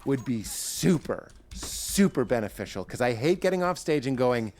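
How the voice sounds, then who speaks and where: Comedian guy on a podcast, goes big and dramatic, acts out little bits in voices, mid pitch. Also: lively intonation, moderate pace, a little mellow. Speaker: stand-up comedian guest. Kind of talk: podcast interview chat.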